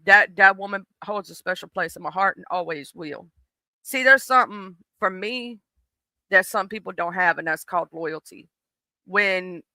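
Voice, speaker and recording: A streamer from the southern United States in their late thirties chats animatedly and casually with a live audience, swearing freely and talking straight to the chat. The mid-range voice is recorded roughly, with no echo.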